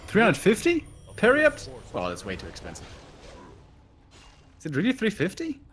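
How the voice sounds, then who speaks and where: Lively, analytical male game caster. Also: sits high, normal speed, a little hiss or hum. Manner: analytical, critiques play in detail. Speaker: esports caster. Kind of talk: live game commentary.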